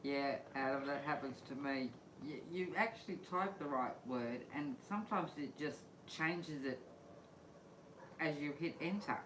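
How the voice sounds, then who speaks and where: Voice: mid-range voice, a little slow. A co-host in easygoing, laughing banter during a casual live-stream chat. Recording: echoey room with steady noise.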